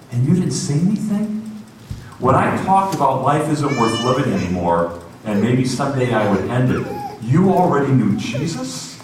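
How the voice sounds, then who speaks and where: A wounded young waitress pours out her hurt, her voice pitched high and climbing with each accusing question, as a male preacher puts her on. The sound carries the boom of a big echoey hall, picked up from a distance over steady background noise. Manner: raised, pleading delivery. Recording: echoey hall from far off, noisy.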